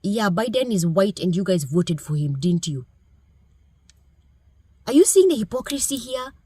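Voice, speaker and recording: A woman's voice: mid-range voice, big pitch swings, moderate pace, dark tone, slightly rough, no echo. Blunt woman lecturing on camera. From Kenya. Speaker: political commentator. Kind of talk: direct-to-camera commentary.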